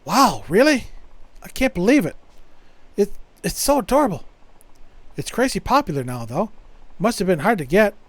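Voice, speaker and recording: A man voicing an excitable young woman thrilled by a birthday gift, reading game dialogue in a raised, gushing tone. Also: sits high, normal speed, pauses often, dry recording.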